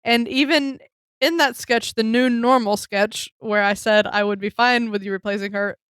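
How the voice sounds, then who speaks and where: A woman's voice: a little high, normal speed, clear, resonant tone, dry recording, clean studio sound. A woman co-hosting a podcast, chatting casually about a comedy show and leading the segments. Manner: relaxed, laughs easily, leads the segments. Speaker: podcast co-host.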